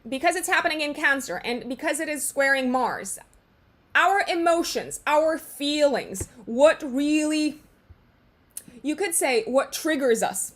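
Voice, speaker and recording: A young adult woman talking casually to viewers as an astrologer, chatty and full of fillers and restarts. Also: high-pitched. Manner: chatty, frequent fillers and restarts, laughs at herself.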